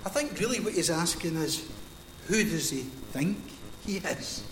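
Scottish preacher in an echoey hall. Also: male voice, on the high side, expressive, measured pace, a bit bright. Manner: storytelling, conversational, acts out Bible scenes. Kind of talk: sermon. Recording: echoey hall with long reverb.

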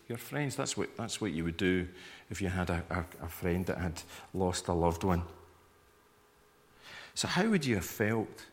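A male preacher giving a sermon in a conversational manner, inviting listeners to imagine themselves in the scene. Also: fairly low pitch. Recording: long hall reverb.

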